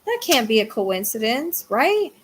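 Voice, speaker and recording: A woman doing a live-streamed psychic reading, excitable, swinging between hushed asides and loud exclamations. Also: fairly high pitch, unhurried, noisy background.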